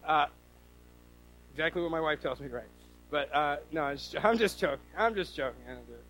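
A man from the US Northwest preaching a sermon, telling stories with lively quoted voices. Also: on the high side, a little fast, faint music behind, rough recording. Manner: animated storytelling with quoted voices. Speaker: pastor.

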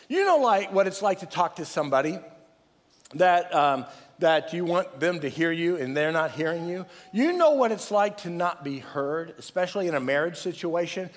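A middle-aged man preaching a sermon as pastor, energetic, calling on the congregation to answer back and restarting phrases as he goes. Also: high voice. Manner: energetic, calls for crowd responses, restarts phrases. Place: large church hall. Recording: long reverb from a large church hall.

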